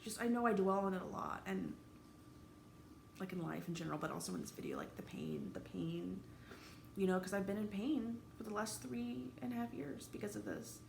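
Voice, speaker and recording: Woman, 30s, vlogger, gravelly, raw, halting, roomy room echo with faint background noise. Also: mid-range voice, darkish tone. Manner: halting, candid, swears freely, emotionally raw. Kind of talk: personal vlog monologue.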